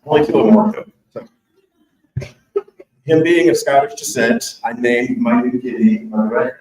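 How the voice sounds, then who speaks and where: A man's voice: medium pitch, sing-song, normal speed, a little mellow, slight background noise. A man, an author, tells a candid personal story to an audience and jokes along the way. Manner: candid, joking, conversational. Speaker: author giving a speech. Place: large event hall with an audience. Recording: echoey hall, voice from far off.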